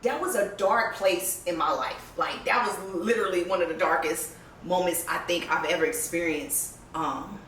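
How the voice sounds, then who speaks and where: A woman's voice: lowish voice, moderate pace, fairly bright tone. A woman vlogger sharing her own story in a blunt, profane way, laughing often and sounding emotional, close to tears. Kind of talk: candid personal storytelling. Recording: roomy echo, distant mic, faint background noise.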